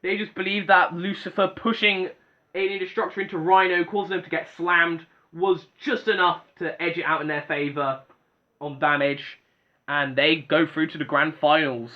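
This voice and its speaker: A man giving excitable play-by-play commentary on a robot combat tournament, rising to exclamations at big hits. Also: on the high side, normal speed. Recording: dull lo-fi audio with music behind.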